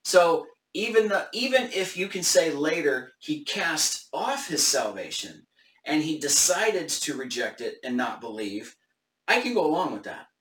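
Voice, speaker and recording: A man's voice: fairly high pitch, very animated, measured pace, fairly bright tone, roomy sound, far from the mic. A man hosting a casual Bible study discussion live on camera, thinking aloud with hesitant restarts.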